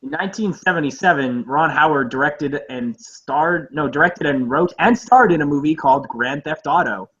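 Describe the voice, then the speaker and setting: Young male podcast co-host, slightly high voice, rambling, swears a lot, lo-fi audio. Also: moderate pace, few pauses. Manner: rambling, profane, excitable. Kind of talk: casual movie chat.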